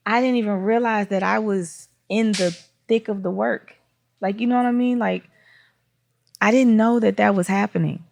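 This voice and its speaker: A woman's voice: mid-range voice, creaky, a little mellow, no room sound, clean studio sound. A woman speaking as a podcast guest in casual, reflective conversation, often searching for words.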